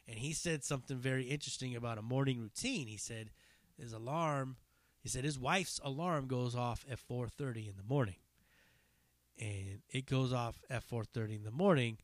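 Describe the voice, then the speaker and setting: Man, stand-up comic, podcast host, casual rambling anecdote, profane, lots of fillers, bright tone, dry close sound. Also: fairly high pitch, dry recording. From Northern California. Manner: loose, profane, digressive, with many fillers and restarts.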